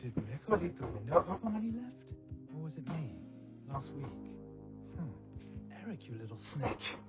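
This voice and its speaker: A man's voice: on the high side, big pitch swings, moderate pace. An actor voicing a gloomy, self-loathing young man who talks sarcastically, often muttering to himself. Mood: sarcastic. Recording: dull lo-fi game audio over music.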